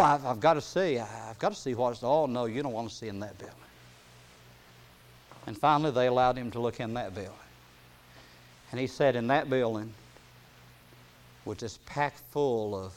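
A man preaching a sermon, reading King James scripture aloud with rising emphasis and dropping soft between readings, with plain folksy asides. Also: mid-range voice.

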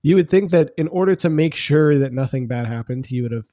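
A man's voice: a little high, expressive, brisk, dark tone, dry recording, clean studio sound. Canadian man, hedging casual chat. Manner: hedging, uses many fillers.

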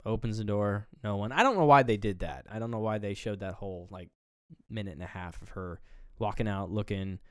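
A man's voice: on the low side, a little fast, clear, resonant tone, no room sound, clean studio sound. A man co-hosting a casual movie review podcast, retelling scenes with acted-out lines and frequent swearing. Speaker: podcast co-host.

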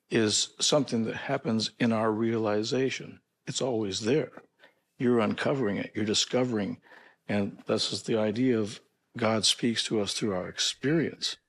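A man's voice: on the low side, gravelly. Chuckling man telling stories. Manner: chuckling storyteller, halting restarts. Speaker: archbishop, podcast guest. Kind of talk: casual spiritual chat and anecdotes.

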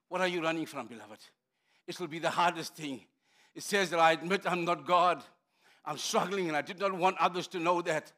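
A middle-aged man preaching a sermon in a high, bright voice. He is impassioned, building to shouts and dropping to hushed, intimate tones. His delivery is forceful and direct. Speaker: pastor.

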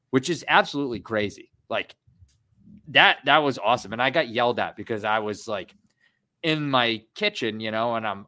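A man in his thirties co-hosting a casual fight podcast, animated and rambling, swearing freely. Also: medium pitch, moderate pace. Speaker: podcast co-host.

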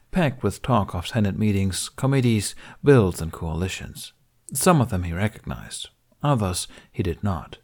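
A man reading his fan fiction aloud as narrator in an even storytelling manner. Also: lowish voice. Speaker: reader.

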